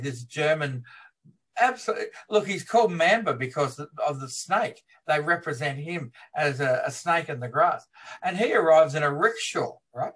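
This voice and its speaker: A man being interviewed as a film historian, retelling film scenes in a lively way and laughing as he talks. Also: on the high side. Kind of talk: animated interview storytelling.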